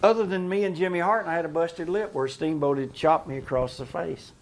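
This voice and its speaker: A man telling wrestling-career stories in an interview, animated and profane, laughing often. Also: on the high side, brisk. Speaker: interview guest, retired wrestler. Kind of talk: shoot interview storytelling.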